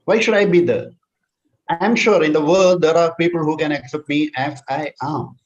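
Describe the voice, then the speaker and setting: A man's voice: on the high side, normal speed, lo-fi sound. A man, a counsellor answering questions in an online session, explaining and repeating key phrases. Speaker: counsellor and workshop presenter. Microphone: video call.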